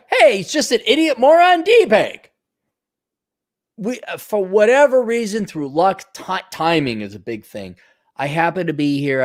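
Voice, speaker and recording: A man's voice: on the high side, no room sound, studio quality. A middle-aged man, rambling and mocking as he chats casually with viewers on a livestream. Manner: rambling, mocking, jumps into loud mock voices. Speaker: livestream host.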